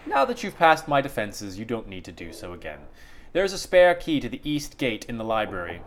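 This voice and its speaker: A man's voice: medium pitch, wildly swooping pitch, a little fast. A man reading as Erika, a cold vengeful sorceress. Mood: aloof.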